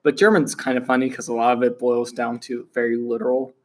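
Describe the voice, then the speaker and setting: Relaxed man telling stories. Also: mid-range voice, fast. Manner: relaxed storytelling, laughs often. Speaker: podcast co-host. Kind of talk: casual chat.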